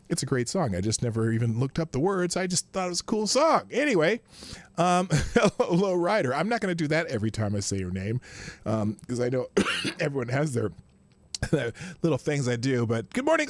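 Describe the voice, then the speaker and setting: A man's voice: a little high, no room sound. A man hosting a casual live-streamed morning show, rambling as he greets his viewers by name.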